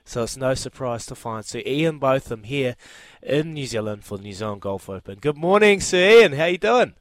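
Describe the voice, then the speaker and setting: A man's voice: fairly low pitch, dry recording. A man hosting a radio show in a laid-back, bantering way, calling guests mate. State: a bit hungover.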